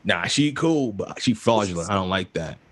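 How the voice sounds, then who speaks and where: Casual co-host, male, profane storyteller; lively, swinging pitch. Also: normal speed, crowd noise. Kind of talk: casual chat.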